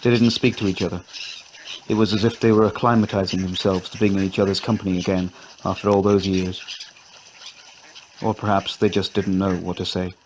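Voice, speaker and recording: Low-voiced male storyteller. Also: little pitch movement, a little fast, darkish tone, slight background noise. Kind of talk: scripted narration.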